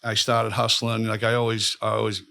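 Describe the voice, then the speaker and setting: With a fairly low, gravelly voice and a moderate pace, a man spins rambling, profane stories as a guest on a podcast. He's an animated storyteller in a casual interview, captured at studio quality with no echo.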